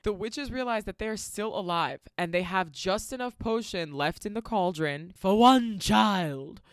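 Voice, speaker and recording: A woman podcast co-host recapping a movie in a casual, profane, animated storytelling style. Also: mid-range voice, a little slow, dry recording, clean studio sound.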